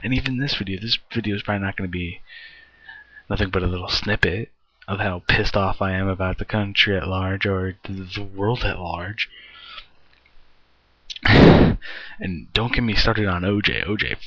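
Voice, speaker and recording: A man's voice: sits low, a little fast, sharp tone, muffled recording. A young American man ranting in a frustrated vlog, swearing heavily and sighing often. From United States. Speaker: vlogger.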